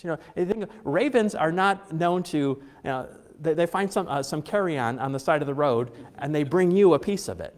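Middle-aged man, pastor, lively chatty sermon, joking asides, long hall reverb. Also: a little high. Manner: chatty, joking asides, many fillers and restarts. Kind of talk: conversational sermon.

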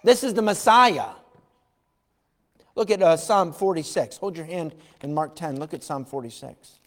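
A man preaching a sermon as a pastor. He talks with animated emphasis, shouts at times and acts out the voices of the people in his story. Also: a little high, moderate pace. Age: adult parent. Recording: long hall reverb.

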